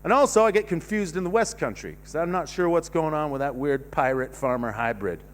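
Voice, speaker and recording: A man's voice: a little high, fairly quick. A Canadian man in his fifties doing a stand-up set, rambling and self-mocking, swearing freely and letting thoughts trail off. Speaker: stand-up comedian. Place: comedy club stage.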